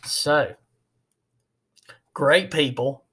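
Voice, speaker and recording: A man's voice: a little high, extremely slow, pushed and bright, husky. A man hosting a podcast, telling a work story in a rambling, folksy way with many fillers. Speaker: podcast host, HVAC technician. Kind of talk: casual storytelling.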